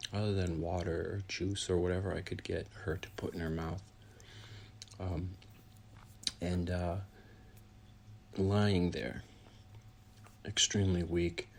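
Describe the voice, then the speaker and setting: A grieving man giving a heartfelt personal account, halting and full of restarts, sometimes dropping to a soft whisper. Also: sits low, a little hiss or hum. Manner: halting, with many pauses and restarts; drops to a soft whisper at times. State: grieving, voice heavy with emotion.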